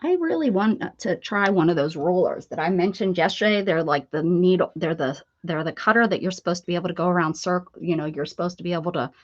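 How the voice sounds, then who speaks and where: A woman's voice: on the low side, fast, few pauses, lo-fi sound. A woman hosting a casual live crafting stream, chatty and bubbly, greeting viewers and laughing. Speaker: craft video host.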